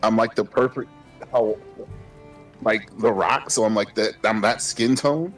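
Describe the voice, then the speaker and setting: A man's voice: fairly low pitch, measured pace, faint music behind. Laid-back swearing gamer guy. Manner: laid-back storytelling, profane, laughs often. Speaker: streamer co-host. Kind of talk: casual chat while gaming.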